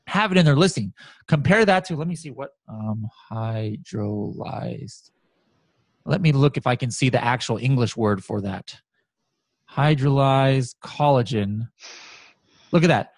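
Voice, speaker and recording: A man walking through software results on a shared screen in casual talk, animated and excited, with many fillers and restarts. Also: fairly high pitch, no room sound. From United States. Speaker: guest software expert.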